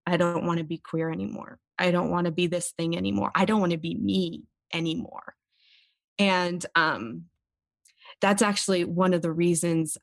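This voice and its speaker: In a dry recording, a woman with a lowish voice talks as a podcast guest, sharing personal experiences candidly during an interview. She comes across as earnest and open, sometimes tearful.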